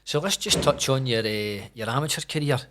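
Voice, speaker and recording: Fast-talking Scottish interviewer. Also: male voice, mid-range voice, fairly bright tone. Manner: quick, teasing, swears freely. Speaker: podcast host. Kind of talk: casual interview chat.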